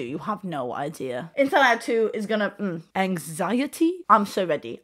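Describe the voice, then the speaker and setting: Here a chatty host in her twenties rambles through a casual monologue, her medium-pitched voice a bit bright. She wanders off on tangents, drops swear words freely, and now and then puts on silly accents for fun.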